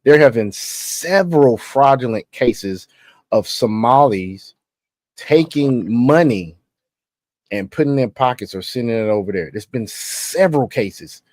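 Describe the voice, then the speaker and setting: A man's voice: mid-range voice, lively intonation, a little slow, darkish tone, dry recording. A man hosting a political commentary stream who reacts bluntly and with animation. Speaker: stream host.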